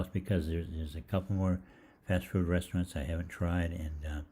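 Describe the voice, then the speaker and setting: This older holistic health host has a deep, husky, mellow voice as he chats through a rambling story. Frequent ums and restarts punctuate his telling, and he performs the quoted voices.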